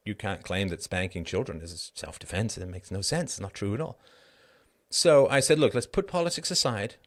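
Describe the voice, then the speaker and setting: A middle-aged man, a guest in an interview, arguing his point emphatically with quick asides and restarts. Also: mid-range voice. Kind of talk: conversational interview monologue.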